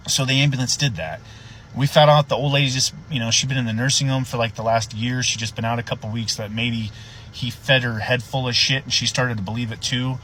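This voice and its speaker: A man, a sheriff's deputy, casually telling a story in a profane, animated way. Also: mid-range voice, fairly quick, a little hiss or hum, low-quality recording.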